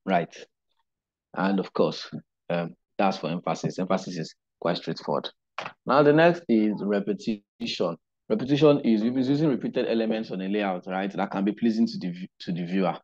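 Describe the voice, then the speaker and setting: A man teaching a digital marketing class online, unhurried and explanatory, often checking in with "right?". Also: on the low side, a little mellow, lo-fi sound. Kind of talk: live online class lecture.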